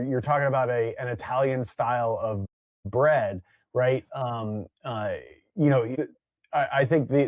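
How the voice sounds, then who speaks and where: Man, mid pitch, wry teasing, podcast co-host, dry close sound. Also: a little mellow, no echo. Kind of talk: casual podcast banter.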